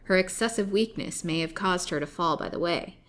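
A woman reading a storybook aloud, voicing a cautious, calculating villain doctor who lays out his plan in measured words. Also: on the low side, fairly bright tone, close to an everyday voice.

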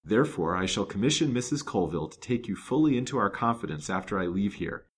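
A man's voice: lowish voice, expressive, fast, breathy edge. A man reading the part of a resolute, gallant detective in a storybook, grave and determined. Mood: kindly. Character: determined, gallant male detective, kind but stern.

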